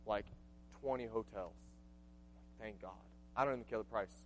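A man's voice: lowish voice, normal speed, a little hiss or hum. A man in his late twenties preaching a sermon, earnest and conversational, telling a personal story with frequent asides. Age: 20s. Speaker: pastor.

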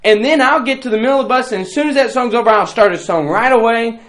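A middle-aged man with a drawl and a noticeably high voice, teaching fellow church workers. His manner is animated and playful, and he slips into singing children's songs to make his points. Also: fast. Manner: animated, playful, breaks into song. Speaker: bus ministry leader teaching a workshop. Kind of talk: training talk with sung examples.

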